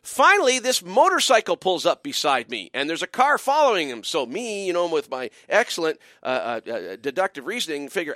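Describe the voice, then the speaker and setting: Animated rambling talk-radio host man. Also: a little high, fairly quick, hardly any pauses, no room sound, studio quality. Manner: rambling, frequent "okay?" and "you know" asides. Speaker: radio call-in show host. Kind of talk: animated storytelling monologue.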